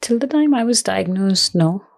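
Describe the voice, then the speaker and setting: A woman guest in an interview, speaking earnestly and reflectively in halting phrases, emotional with her voice cracking at times. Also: mid-range voice, lively intonation, vocal fry, a little mellow. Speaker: guest, cancer survivor. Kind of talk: personal interview talk.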